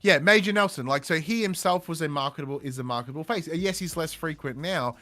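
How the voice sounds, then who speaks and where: A man hosting a podcast in casual chat, animated and emphatic, swearing offhand. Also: on the high side, fast. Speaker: podcast host.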